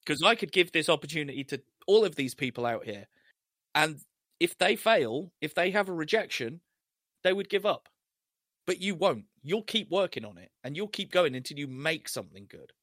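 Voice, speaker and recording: Male co-host, bright tense tone, enthusiastic recap, dry mic. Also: expressive, moderate pace, dry recording. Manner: enthusiastic, quotes scenes in high put-on voices. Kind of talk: casual chat recapping a TV episode.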